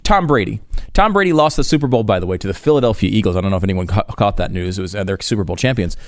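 A man talking as a radio guest in a relaxed, wry way, dropping chuckling asides. His pitch moves a lot, from dry low murmurs to eager high points. The sound is close and dry. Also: very fast, no echo. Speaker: guest commentator. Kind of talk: political talk radio chat.

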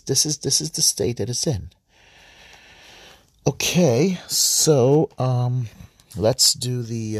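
Earnest husky-voiced man preaching. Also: fairly low pitch, no room sound, clean studio sound. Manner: earnest, repetitive, halting with many restarts. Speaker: podcast preacher. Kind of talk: informal spoken reflection and prayer.

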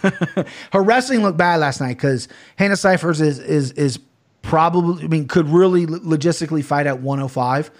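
This podcast host's voice sits a little high, and he keeps a moderate pace. His chat is casual, wandering, and full of profanity.

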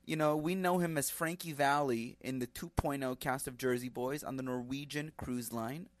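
A man's voice: mid-range voice, steady tone, moderate pace, slight background noise. A man co-hosting a podcast over a video call, chatting casually, joking around and hyping things up. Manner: playful, jokey, hypes things up. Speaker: podcast co-host.

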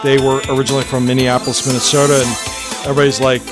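A man of middle pitch co-hosts a podcast, chatting casually and spinning stories about old chart hits. He sometimes lets his voice trail off softly, and music plays steadily under his words. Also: little pitch movement, racing. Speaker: podcast co-host. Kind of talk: casual chat about 1980s pop hits. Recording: music playing under the talk.

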